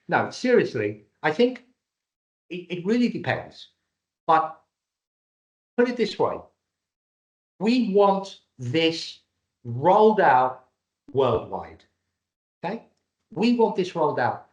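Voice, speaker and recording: A man's voice: a little high, very animated, slow, pauses often. Jokey man presenting a webinar. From Cyprus and Britain. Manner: jokey, salesman-like. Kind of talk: live webinar talk. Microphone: video call. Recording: dull lo-fi webinar audio.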